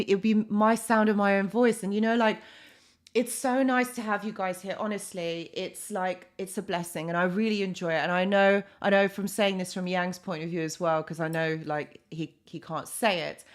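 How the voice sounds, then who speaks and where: A young woman, a psychologist, chatting casually on a live stream and answering viewers, with plenty of fillers and restarts. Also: mid-range voice. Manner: chatty, many fillers and restarts, reads out comments.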